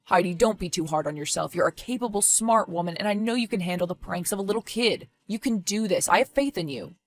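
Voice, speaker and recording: A woman voicing a careless father who breezily brushes off his girlfriend's worries in an animated story. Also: mid-range voice, fast talker, close to an everyday voice. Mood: lecturing. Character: dismissive careless father, a grown man. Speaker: boyfriend and father.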